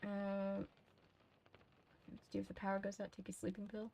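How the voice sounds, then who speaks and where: A woman's voice: mid-range voice, completely flat delivery, moderate pace, vocal fry, mellow, a little hiss or hum. A woman hosting a casual read-aloud, reading a storybook steadily and drifting into chatty asides between passages. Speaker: channel host reading a book aloud.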